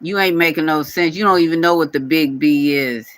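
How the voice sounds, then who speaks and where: A man rants at a commenter on his own channel. He talks in a repetitive, scolding way. His voice is bright and slightly high, recorded close and dry with no room sound. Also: fairly quick, dry recording, rough recording. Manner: scolding, repetitive, speaks directly to viewer. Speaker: channel owner addressing a commenter. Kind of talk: casual scolding vlog rant.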